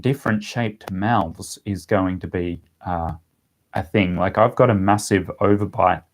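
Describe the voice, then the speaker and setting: A young man casually chatting on a livestream and answering viewer questions, rambling with lots of ums. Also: on the low side. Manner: relaxed, rambling, with frequent ums and laughs. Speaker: language-learning YouTuber answering live chat.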